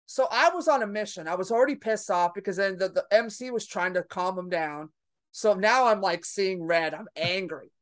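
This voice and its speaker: A woman's voice: mid-range voice, normal speed. A woman comedian telling a story in a podcast conversation, brash and profane, acting out the people in it. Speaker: comedian guest.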